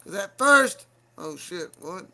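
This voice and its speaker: A man hosting a livestream, delivering a heated, profane solo rant that keeps breaking into shouting. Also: sits high, very animated, takes it slowly, creaky. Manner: angry, profane, bursts into shouting. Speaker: livestream show host.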